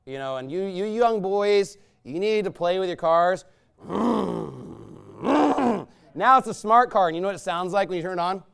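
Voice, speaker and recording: A man, a pastor, delivering a sermon in a blunt, emphatic and scornful way, with loud bursts. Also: high-pitched, brisk, hardly any pauses, clear, resonant tone.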